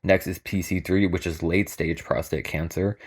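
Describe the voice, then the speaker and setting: Wry, deep-voiced young male scientist. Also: moderate pace, husky. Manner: candid, wry, deadpan humor. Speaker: lab scientist presenting. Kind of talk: casual comedic presentation.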